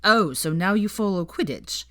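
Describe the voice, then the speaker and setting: A woman's voice: medium pitch, lively intonation, moderate pace, a bit bright, lightly acted. A woman voicing a distraught teenage wizard boy who answers back indignantly. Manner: indignant and defensive. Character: distraught young male wizard, teen boy.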